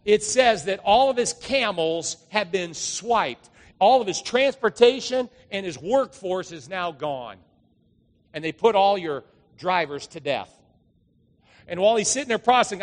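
A middle-aged male pastor preaching a sermon, telling stories and acting out the voices with drawn-out dramatic lines. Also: sits high, lively intonation. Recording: long hall reverb.

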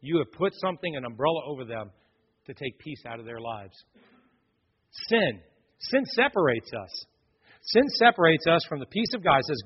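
A man's voice: a little high, sing-song, normal speed, breathy edge. A man preaching a sermon, speaking emphatically and telling stories as he addresses the congregation directly. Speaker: pastor. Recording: echoey hall, dull lo-fi recording.

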